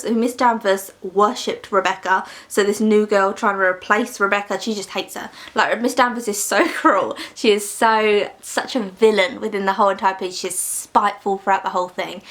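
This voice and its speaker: Brief: a chatty woman from the UK ranting playfully through a book review. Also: medium pitch. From United Kingdom. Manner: animated, ranty, laughs between points.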